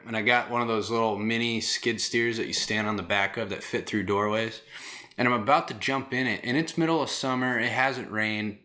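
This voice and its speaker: A man hosting a podcast who tells rambling stories in a casual, animated way and swears constantly. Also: lowish voice. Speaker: podcast host. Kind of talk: casual storytelling.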